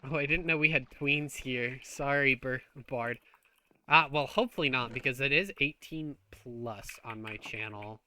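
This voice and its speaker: A man's voice: medium pitch, unhurried, sharp tone, smooth. A man streaming a game, chatting casually while he plays, joking and swearing freely. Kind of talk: casual gameplay chat.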